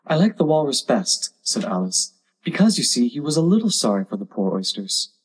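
A man's voice: mid-range voice, very animated, brisk, slightly rough. A man voicing a polite, curious young girl with a prim, earnest manner.

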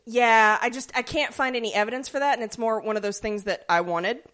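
A woman's voice: fairly high pitch, fairly quick, a bit bright. Woman on a podcast, rambly, lots of ums, joking around. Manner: rambling, filler-heavy, playful. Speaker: podcast co-host. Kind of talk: casual chat.

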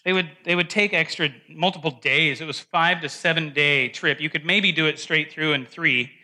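Man, Bible class teacher, bright forceful voice, slightly high pitch, chatty, keeps asking "right?". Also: steady tone, moderate pace. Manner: conversational, asks the group questions, frequent restarts and "right?".

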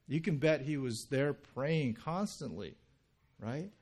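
A male pastor giving a sermon in a relaxed, conversational way, often checking in with "right?" and telling stories with acted quotes. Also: mid-range voice, slow pace. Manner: conversational, frequent "right?" and "like" asides.

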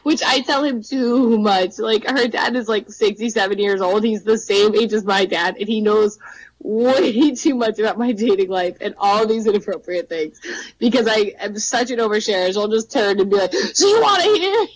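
A woman's voice: medium pitch, steady tone, moderate pace, no echo, rough recording. A young woman co-hosting a podcast, chatting casually, giggling a lot and saying "like" often. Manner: giggly, oversharing, says "like" often. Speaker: podcast co-host. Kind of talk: casual chat.

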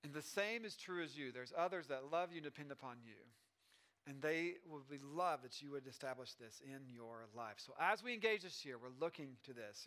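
A middle-aged pastor giving a chatty sermon, with asides and restarts. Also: male voice, on the high side, bright, forceful tone. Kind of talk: conversational sermon.

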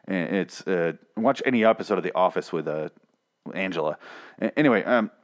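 A man reviewing a TV episode in a fast, profane, exasperated rant that rambles from point to point. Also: deep voice, expressive. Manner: speaks quickly.

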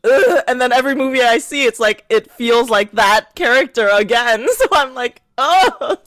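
A young woman co-hosts a casual chat podcast. She tells stories with animated energy, laughs often and slips into quick impressions. The mic is close and dry with no room sound. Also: fairly high pitch, dry recording. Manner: animated storytelling, laughs often, mimics people. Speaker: podcast co-host.

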